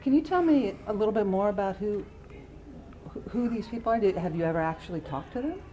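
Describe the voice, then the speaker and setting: A woman in a workshop role-play, asking questions in a calm, soothing way. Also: medium pitch, a little fast, slight background noise.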